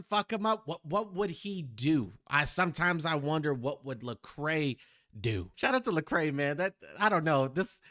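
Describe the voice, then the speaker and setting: A man's voice: fairly high pitch, fairly bright tone, no room sound, clean studio sound. A man hosting a music reaction video, talking reflectively and directly to his viewers. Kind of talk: casual reaction commentary.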